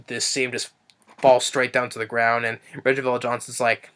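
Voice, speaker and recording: A man's voice: flat delivery, moderate pace, a bit bright, clear, resonant tone. A man reviewing a movie off the cuff, rambling with lots of fillers and restarts. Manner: briefly acts out quotes in a higher voice.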